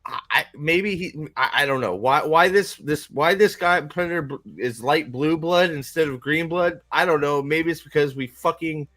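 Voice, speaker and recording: Man, movie rant, profane, stammering, slightly high voice. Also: moderate pace, few pauses, pushed and bright. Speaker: movie reviewer.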